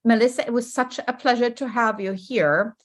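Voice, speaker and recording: A woman's voice: on the high side, moderate pace. Upbeat woman hosting a podcast. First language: German. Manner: upbeat and encouraging, with filler ums. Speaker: podcast host. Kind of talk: casual interview chat.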